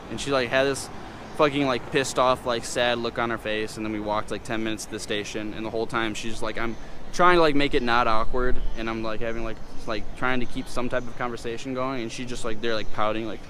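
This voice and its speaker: A man's voice: medium pitch, steady tone, quick pace. An American man casually telling a story about a date, saying "like" constantly. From United States. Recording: noisy street with traffic.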